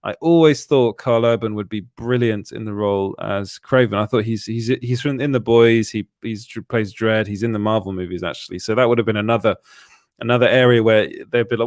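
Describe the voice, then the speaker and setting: A man's voice: lowish voice, fairly quick, no echo, clean studio sound. A man co-hosting a film podcast, talking with enthusiasm and frequent restarts. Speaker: podcast co-host. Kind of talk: casual chat about films.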